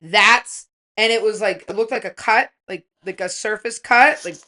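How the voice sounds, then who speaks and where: A woman's voice: medium pitch, moderate pace, bright, forceful tone. A middle-aged woman telling frank, profane stories on a podcast, blunt and often laughing as she talks. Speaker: podcast guest. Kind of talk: casual chat.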